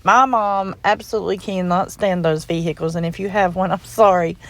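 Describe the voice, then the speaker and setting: A middle-aged crafting vlogger narrates a family story in a folksy, casual voice-over that rambles and comes from the heart. Her voice sits fairly low, with brisk delivery and mostly even intonation.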